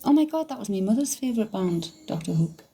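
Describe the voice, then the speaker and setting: Chatty woman, mellow voice. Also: medium pitch, quick pace, breathy edge. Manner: chatty, excitable, laughs often, swears casually. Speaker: psychic medium livestreamer. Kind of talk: casual livestream chat reading comments.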